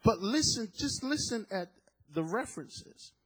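Guy preaching a sermon, high voice, kinda husky, really fervent and emphatic. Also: expressive, a little slow, low-quality recording. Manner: fervent, emphatic, repeats words when moved.

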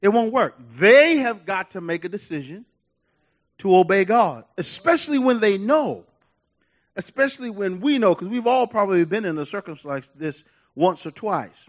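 A male pastor preaching a sermon in an animated way, laughing, repeating himself and telling stories. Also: high-pitched, moderate pace, lo-fi sound.

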